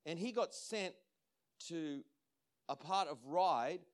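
A man, a pastor, preaching a sermon and telling a story with lively acted-out quotes and frequent laughter. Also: a little high, slow. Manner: animated storytelling, acts out quotes, laughs often.

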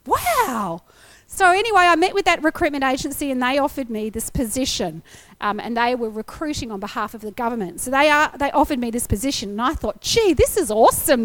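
Woman, fifties, preacher giving testimony; bright high voice, dry recording, acts out her reactions. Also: no echo. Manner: animated storytelling, acting out her own reactions. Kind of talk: sermon with personal testimony.

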